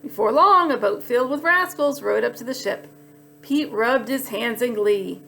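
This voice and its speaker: A woman storyteller narrating a children's story in a lively, expressive read-aloud. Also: on the high side, moderate pace, vocal fry, slight background noise.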